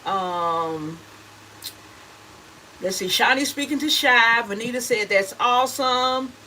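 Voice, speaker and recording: A woman's voice: fairly high pitch, slow pace, bright, forceful tone, a little hiss or hum, poor audio. A middle-aged woman hosting a casual livestream, reading viewer comments aloud in a chatty, homey way and calling people honey and baby. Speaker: gift basket seller hosting a livestream.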